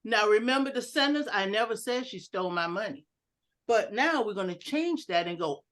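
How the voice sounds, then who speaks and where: Woman, lively pitch, slightly high voice, animated teaching, video call mic. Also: normal speed. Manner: animated, playful, acts out inflections. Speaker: educational speaker at a club meeting. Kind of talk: online presentation with audience exercises.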